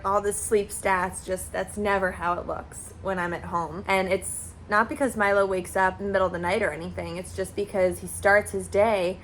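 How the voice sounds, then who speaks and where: A woman in her thirties talks through her day in a relaxed, chatty vlog, pausing to reflect as she goes. Her voice sits a little low for a woman. A faint hum of resort ambience stays behind her, picked up by a handheld camera. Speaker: vlogger. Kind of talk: casual vlog narration. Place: beach resort in Mexico.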